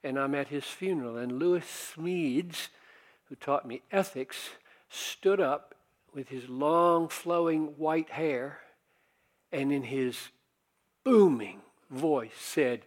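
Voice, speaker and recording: An older man preaching a sermon, talking conversationally and rising to forceful emphasis. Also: on the high side, takes it slowly. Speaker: pastor.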